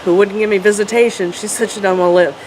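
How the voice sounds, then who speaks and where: A woman's voice: medium pitch, fairly even intonation. Earnest middle-aged woman telling her story. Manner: earnest, emotional, halting with restarts. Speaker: interview guest. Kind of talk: emotional personal storytelling. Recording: noisy background hum.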